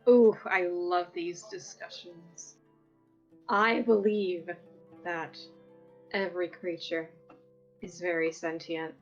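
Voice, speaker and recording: Woman doing a thoughtful elf adventurer: unhurried, earnest, rambling, recorded lo-fi. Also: lowish voice, level tone. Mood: musing. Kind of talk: in-character tabletop role-play. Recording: dull lo-fi audio, faint music.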